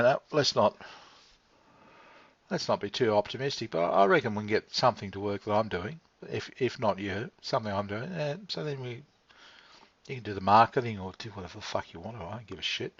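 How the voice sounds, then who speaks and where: A man's voice: mid-range voice, expressive, normal speed, vocal fry, fairly bright tone, slightly rough, no echo. Laid-back rambling man, dry lo-fi sound. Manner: meandering, laid-back, swears casually, chuckles. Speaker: vlogger. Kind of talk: casual rambling monologue. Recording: dry, slightly dull lo-fi sound.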